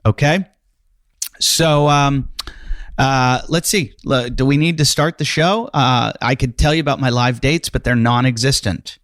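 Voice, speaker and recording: A man's voice: mid-range voice, unhurried, a bit bright, no room sound, clean studio sound. A man hosting a casual podcast, rambling through his intro with lots of fillers and self-mocking asides. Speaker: podcast host.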